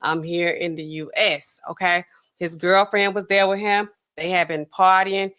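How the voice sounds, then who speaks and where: A woman hosting a show in casual, rambling commentary, talking in an animated, colloquial way and laughing often. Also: lowish voice, measured pace. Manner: swings often between loud and quiet.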